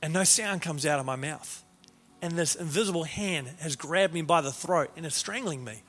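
Bright, high-voiced man preaching in a hall. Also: normal speed. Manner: animated, repeats words at the start of phrases. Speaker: pastor. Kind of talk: sermon storytelling. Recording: reverberant hall with faint music.

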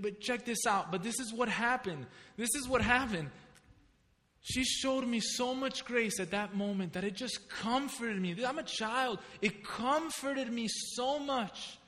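A man preaching a sermon as a pastor, telling a personal story and asking his listeners pointed questions. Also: high voice. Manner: storytelling preacher, animated, asks the congregation questions. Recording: reverberant hall.

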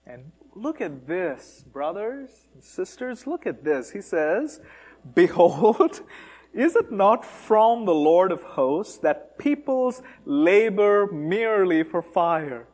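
Male preacher, high and very expressive voice, slow deliberate delivery, animated and mocking. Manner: animated, mocking emphasis on taunts, rhetorical questions. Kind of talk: sermon.

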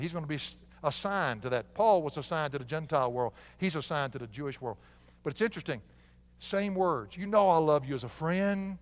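Older male preacher, high voice, folksy and animated, long hall reverb. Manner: folksy, animated, laughing at his own jokes. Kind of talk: sermon.

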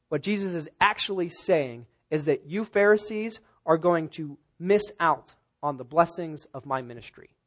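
A man preaching from the pulpit in an expository sermon. His voice sits a little high for a man, and he leans hard on key words, repeating them with loud stresses. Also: moderate pace, hardly any pauses. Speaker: pastor.

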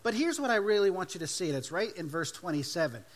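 A male pastor delivering a sermon with emphatic swells and sudden drops to a hush. His voice sits on the higher side for a man. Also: sing-song, fast talker. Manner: emphatic preaching, swinging between loud and hushed.

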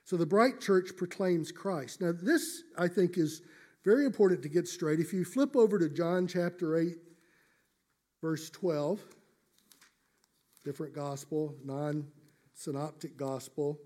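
High-voiced pastor preaching earnestly. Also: male voice, mellow. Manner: earnest, emphatic, slows to stress key phrases. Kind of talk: sermon.

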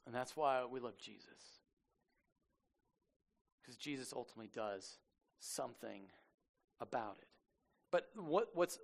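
The preacher is a man who tells Bible stories in everyday slang. His tone is loose and humorous, and he slips into quick character bits. He delivers the sermon as an easy, conversational talk. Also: a little high. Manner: casual, jokey storytelling, acts out characters. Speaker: pastor.

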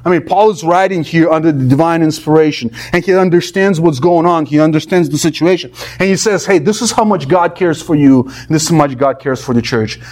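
Earnest high-voiced male preacher. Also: a little fast, hardly any pauses, darkish tone. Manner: earnest, emphatic preaching with rising and falling pitch. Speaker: pastor. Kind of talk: sermon.

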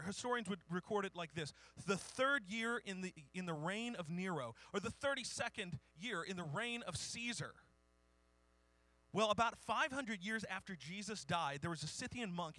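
A man's voice: high voice, bright, forceful tone. A man preaching a sermon, informal and self-deprecating, reading historical quotes aloud. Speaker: pastor.

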